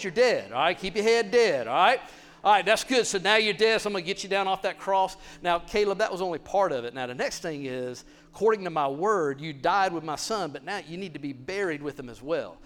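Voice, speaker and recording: A man playing a kindly, fatherly God in a church skit, chatting gently and reassuringly. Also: sits high. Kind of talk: acted sermon skit.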